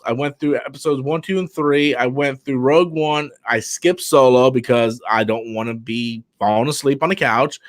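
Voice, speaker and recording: Animated, swearing man on a live stream. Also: a little high. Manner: animated, swears freely, quick restarts. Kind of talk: casual live-stream chat.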